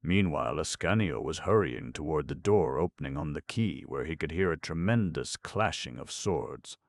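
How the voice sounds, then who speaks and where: A man reading a classic novel aloud as an audiobook narrator, in a measured, formal storytelling manner. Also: a bass voice, expressive, gravelly, dry recording, clean studio sound. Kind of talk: scripted narration.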